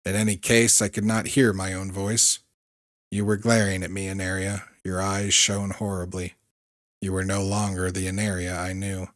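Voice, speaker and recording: A man hosting a game playthrough, reading the story text aloud in an earnest way, sometimes stumbling over a word and adding a quick aside. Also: deep voice, a bit bright, no echo, clean studio sound. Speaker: let's play host.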